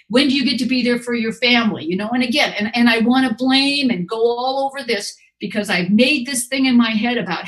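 Older lady rambling thru her recovery share, lots of um and you know, pokes fun at herself, middle pitch. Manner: rambling, candid, self-mocking, many fillers. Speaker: speaker sharing at a recovery meeting.

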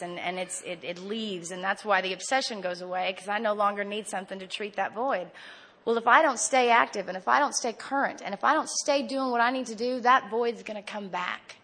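An adult woman giving a candid personal testimony at a recovery meeting, animated and laughing often. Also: fairly high pitch.

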